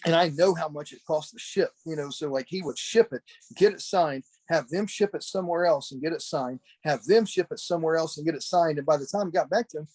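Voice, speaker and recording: A man's voice: a little high, a little fast, darkish tone. A man who used to wrestle, reminiscing in a rambling, talkative way, full of restarts and "you know," speaking over a video call. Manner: chatty, talkative storyteller. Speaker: former pro wrestler, podcast guest. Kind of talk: casual memorial reminiscing. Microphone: video call camera.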